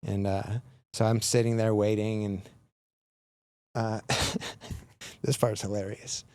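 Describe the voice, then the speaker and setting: Flat in delivery and slow, this man's lowish voice is smooth with a darkish tone. He's a guest on a podcast, rambling through a long casual story heavy with fillers, especially "like."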